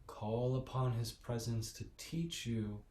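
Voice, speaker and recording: A man leading a restorative yoga class with slow, soothing, gently encouraging guidance and meditation cues. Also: mid-range voice. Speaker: yoga teacher. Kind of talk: guided meditation and yoga instruction. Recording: echoey room.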